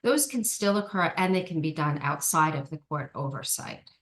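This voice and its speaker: A woman's voice: sits low, lively intonation, moderate pace, fairly bright tone. A woman giving an online training presentation, explaining steps carefully with frequent ums and small restarts. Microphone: video call.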